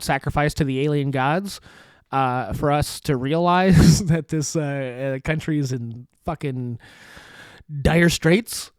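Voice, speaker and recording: A man's voice: fairly high pitch, no echo. A young man hosting a podcast from his studio apartment, ranting with sarcasm, cursing, laughing often and trailing off. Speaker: podcast host. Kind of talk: casual ranting commentary. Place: studio apartment at a foldable table.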